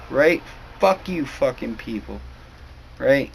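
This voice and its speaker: A man's voice: mid-range voice, measured pace, a little hiss or hum, low-quality recording. Rambling, profane man ranting. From New England. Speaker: vlogger. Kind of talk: ranting monologue to camera.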